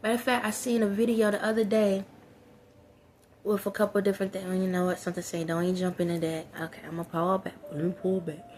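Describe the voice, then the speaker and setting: A woman's voice: medium pitch, level tone, fast, a little mellow, a little hiss or hum. Preachy woman giving blunt life advice. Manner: preachy, talks straight to viewers, repeats key phrases. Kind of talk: casual spoken pep talk.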